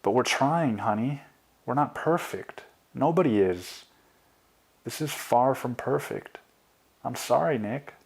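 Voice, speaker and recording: A man voicing a young woman, his girlfriend, who speaks softly and sounds tired and tearful. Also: medium pitch, expressive, slow pace, creaky, husky, pitched above the performer's own voice, exaggerated voice. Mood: weary. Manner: soft, weary and tearful.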